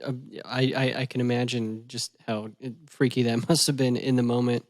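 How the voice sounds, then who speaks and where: A man hosting a podcast in a relaxed, chatty way, reacting to stories and introducing a guest. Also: mid-range voice, moderate pace, no room sound. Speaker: podcast host. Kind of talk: casual chat and interviewing.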